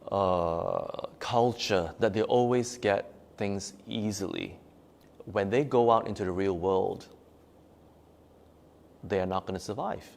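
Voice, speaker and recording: A male meditation teacher with a voice that sits a little low speaks to his group in a meditation room. He leans on repetition to drive each point home, and now and then he reads a viewer's comment aloud and answers it. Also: creaky, a little mellow. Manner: emphatic, repeats key words for stress. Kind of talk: live-streamed teaching talk after meditation. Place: meditation room at a forest retreat.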